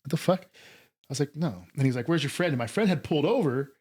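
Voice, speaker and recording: A man's voice: a little high, animated, brisk, darkish tone, husky. Laid-back man telling profane stories. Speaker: podcast guest. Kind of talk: casual storytelling.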